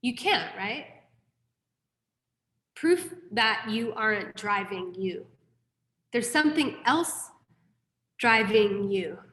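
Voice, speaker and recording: A woman's voice: mid-range voice, animated, takes it slowly, long pauses, fairly bright tone, roomy sound. A woman teaching a Buddhist class, frank and candid, with casual asides and the odd swear word. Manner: frank, candid teaching with mild profanity and self-deprecating asides. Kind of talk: dharma class lecture.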